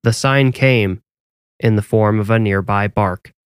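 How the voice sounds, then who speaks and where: A man narrating a scripted horror story in a measured, even storytelling way. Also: lowish voice, smooth, dry recording, clean studio sound.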